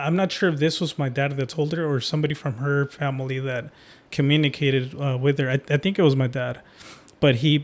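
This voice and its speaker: A young adult man hosts a casual podcast conversation. He talks in a relaxed, reflective way, with plenty of "like" and "right?". His voice sits at an ordinary middle pitch. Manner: relaxed, reflective, many fillers. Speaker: podcast host. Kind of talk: casual chat.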